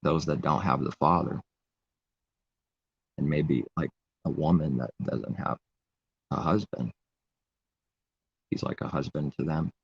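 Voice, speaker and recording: A man's voice: very deep voice, a little slow, vocal fry, pauses often, breathy edge, dull audio. A man giving an informal, rambling sermon in a conversational way. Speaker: preacher. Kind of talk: informal live-stream sermon.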